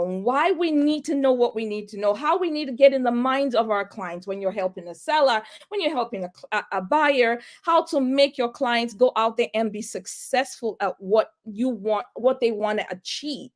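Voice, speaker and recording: A woman's voice: fairly high pitch, expressive, moderate pace. A woman real estate agent, a guest, retelling her story with lots of quoted dialogue and big swings in her voice. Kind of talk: animated storytelling.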